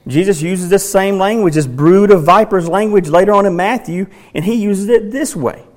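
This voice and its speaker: A man delivers a sermon in a noticeably high voice. He works through scripture passages and repeats key questions with dramatic, drawn-out emphasis. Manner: emphatic, dramatic rereading of quoted lines. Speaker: pastor.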